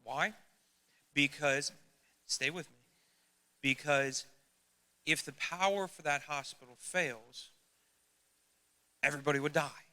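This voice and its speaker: Middle aged guy youth pastor sermon, kinda high voice, talking right at the kids. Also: pushed and bright, smooth. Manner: earnest, emphatic, addresses the youth directly.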